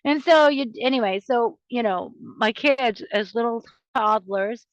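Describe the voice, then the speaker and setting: A woman's voice: on the high side, unhurried, no echo. Chatty woman host with a dull, dry sound. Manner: chatty, confiding, laughs between sentences. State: runny nose. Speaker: podcast host. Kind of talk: casual monologue.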